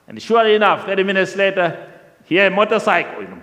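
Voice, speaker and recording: Animated man telling his testimony. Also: high voice, moderate pace. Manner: animated storyteller, laughing and repeating himself. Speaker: speaker sharing a testimony. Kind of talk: personal testimony storytelling. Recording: long reverb of a large hall.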